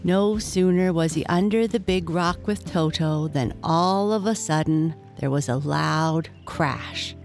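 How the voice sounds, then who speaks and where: A woman reading a children's story aloud in a slow, measured way. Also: low-pitched, a little mellow. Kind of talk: read-aloud storybook narration.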